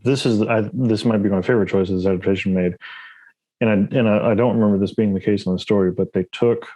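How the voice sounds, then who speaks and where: Man, podcast co-host, eager, rushed speech, frequent restarts. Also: fairly low pitch, steady tone, warm tone, poor audio. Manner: fast, enthusiastic, many restarts. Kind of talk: casual podcast chat.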